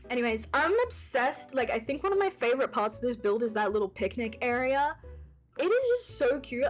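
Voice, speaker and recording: A young woman talking through a game build in a chatty, bubbly, self-mocking voice-over from her desk at home. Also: on the high side. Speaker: gaming YouTuber. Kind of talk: casual gameplay voice-over. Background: soft background music.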